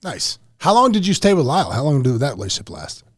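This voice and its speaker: A man's voice: mid-range voice, big pitch swings, fast talker, breathy edge, dry recording, studio quality. A man hosting a podcast, asking eager questions and reacting with enthusiasm. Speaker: podcast host. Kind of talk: casual interview chat.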